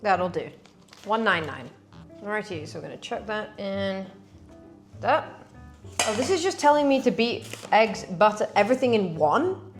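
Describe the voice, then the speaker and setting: Woman chatting away while she bakes, casual cooking vlog, mid pitch, faint music behind. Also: big pitch swings, moderate pace. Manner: chatty, talks to viewers while working. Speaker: cooking vlogger.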